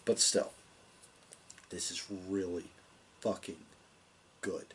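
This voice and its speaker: A man with a husky, lowish voice hosts a casual wrestling review show, rambling, swearing, and using lots of filler words as he chats.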